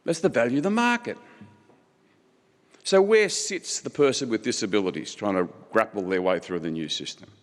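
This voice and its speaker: A middle-aged man delivers a conference keynote with passion, stacking his points in repeated phrases. His voice sits a little low. The sound carries the long reverb of a large hall. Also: lively intonation, normal speed. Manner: impassioned, rhetorical repetition. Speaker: keynote speaker.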